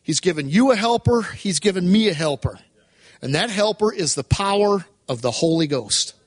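High-voiced male preacher, emphatic sermon. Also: animated, moderate pace, dry recording. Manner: emphatic, rhetorical questions, dramatized retellings.

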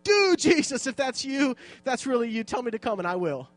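A man's voice: medium pitch, steady tone, racing, pitched below the performer's own voice, close to an everyday voice. A man voicing an impetuous young fisherman apostle who blurts things out in casual slang. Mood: eager.

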